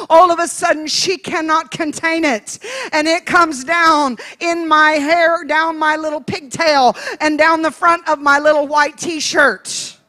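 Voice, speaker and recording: Woman evangelist preaching, high bright voice, folksy funny storyteller, hushed then shouting. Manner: swings between hushed asides and shouted preaching. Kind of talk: sermon storytelling.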